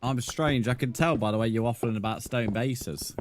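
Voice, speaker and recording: A man's voice: mid-range voice, moderate pace, noisy background. A young British man chatting casually with viewers on a live gaming stream, bantering and calling people mate. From Britain. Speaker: livestream gamer.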